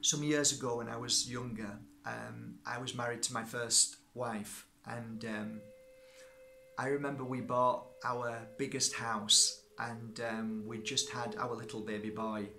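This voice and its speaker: Telling his viewers a personal story, a middle-aged crystal energy healer speaks chattily and keeps checking in with "okay?" His mid-range voice is gravelly, pushed and bright, though his delivery is flat and a little slow, with slight background noise behind him.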